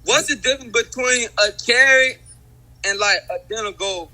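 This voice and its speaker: A man's voice: extremely high pitch, normal speed, pushed and bright, poor audio. A man calling into a live stream, asking short, hesitant questions. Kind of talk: casual questions on a live call.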